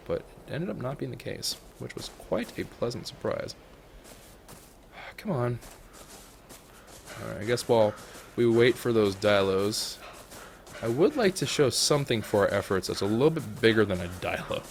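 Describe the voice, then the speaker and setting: A young man commenting on his own gameplay with a jumpy, animated voice that leaps high when things go wrong. He jokes and talks to the creatures on his screen. A faint hum of ambience sits under him. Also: normal speed, vocal fry, long pauses. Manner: excitable, jokey, talks to the animals. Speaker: gaming YouTuber. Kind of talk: let's play commentary.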